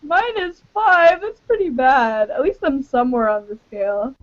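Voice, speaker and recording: A woman's voice: high voice, moderate pace. A woman hosting a casual online group chat, teasing her guests and laughing often. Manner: giggly, playful teasing. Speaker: host. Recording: dull lo-fi online call audio.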